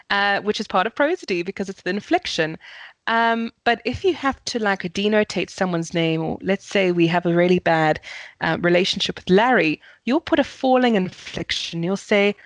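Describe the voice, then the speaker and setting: A woman's voice: mid-range voice, moderate pace, no echo. A woman with a South African accent, a communications coach explaining voice technique in a podcast interview, often demonstrating intonation.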